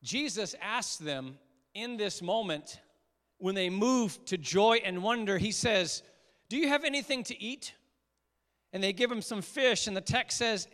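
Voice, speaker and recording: A male pastor with a notably high voice leads a sermon in a church sanctuary. He speaks earnestly and leans on repeated, rhythmic appeals. His words ring out with the long reverb of a large hall. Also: a bit bright. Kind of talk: sermon with prayer.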